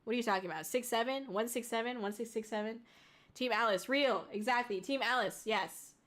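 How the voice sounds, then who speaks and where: A young woman streamer chatting casually with her viewers, excitable and laughing often. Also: on the high side, a little fast. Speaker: VTuber streamer. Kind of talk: casual livestream chat.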